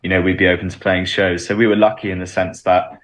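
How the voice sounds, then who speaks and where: A man's voice: low voice, little pitch movement, quick pace, a bit bright. A man, a band's drummer, answering radio interview questions with many ums and restarts. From Bristol, England. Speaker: band drummer, interview guest.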